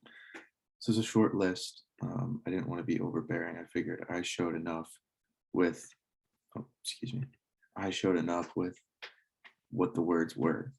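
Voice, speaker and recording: A man teaching a casual slideshow lesson, relaxed and halting, often correcting himself. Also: low-pitched, vocal fry, husky. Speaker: French club teacher.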